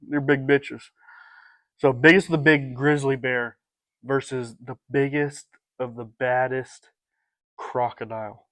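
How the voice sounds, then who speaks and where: A young man co-hosting a podcast in relaxed casual chat, swearing and saying dude and like a lot. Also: medium pitch, smooth, no room sound. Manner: laid-back, profane, says dude and like a lot. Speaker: podcast co-host.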